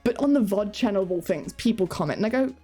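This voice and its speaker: A woman's voice: mid-range voice, lively intonation, quick pace, dark tone, breathy edge, faint music behind. A woman streamer chatting casually and giggling as she reads chat and talks to her cats.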